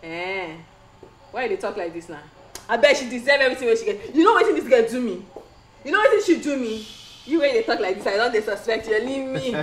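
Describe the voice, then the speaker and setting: A woman's voice: a little high, expressive, fast talker, echoey room, natural voice. An actress playing a woman who speaks Nigerian Pidgin and scolds, mocks and orders people out. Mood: scolding. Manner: scolding, mocking. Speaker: angry woman throwing out a rival. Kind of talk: Nollywood film acting.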